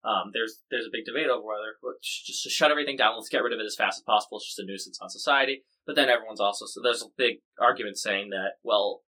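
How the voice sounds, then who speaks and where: A man's voice: on the low side, fast, hardly any pauses, bright, forceful tone, rough recording. An American man co-hosting a casual news podcast, explaining stories in a chatty, jokey, rambling way. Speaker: podcast co-host.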